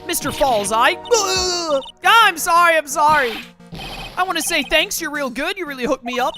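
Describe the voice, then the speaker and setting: A woman voicing a big, gentle male convict who speaks halting, broken English, with game music behind. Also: sits high, lively intonation, pitched above the performer's own voice.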